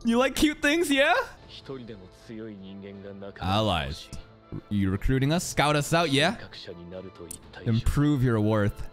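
Excitable, swearing anime reactor. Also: mid-range voice, slow, long pauses, faint music behind. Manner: excitable, swears often, laughs a lot. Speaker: anime reaction channel host. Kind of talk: casual anime reaction commentary.

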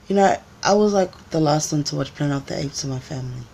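A woman's voice: low voice, gravelly, mellow. A woman vlogger chatting casually on a live stream, telling stories and acting out other people's voices. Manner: chatty storyteller, acts out voices, laughs often.

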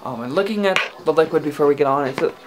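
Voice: medium pitch, very fast, noisy background. A casual product reviewer at home, talking in a hesitant, rambling way with lots of fillers and restarts. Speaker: e-liquid reviewer.

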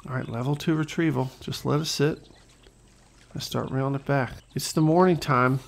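A man hosting a fishing game let's-play, joking and talking the viewer through each cast with sudden bursts of excitement. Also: medium pitch, creaky. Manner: jokey, excitable, talks to the viewer. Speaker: gaming channel host.

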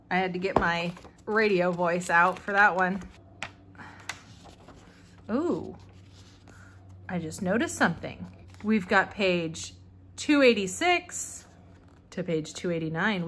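A woman's voice: medium pitch, a bit bright. A young woman chatting casually as she flips through an old catalog, reading bits aloud and laughing often. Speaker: vlogger flipping through a vintage catalog.

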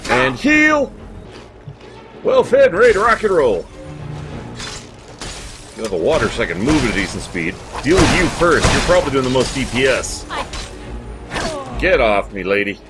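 Hosting a let's play, this man has a mid-range, sing-song voice and a moderate pace, pausing often. He gives casual, chatty commentary while swearing freely at his in-game companions as video game music plays.

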